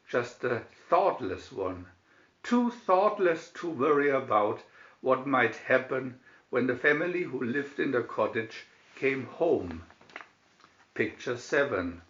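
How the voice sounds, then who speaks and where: A man reading a fairy tale aloud from a picture booklet, expressive storytelling with announced picture numbers. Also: medium pitch, slow, roomy sound, lo-fi sound. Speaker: storybook reader. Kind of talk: slow read-aloud fairy tale narration.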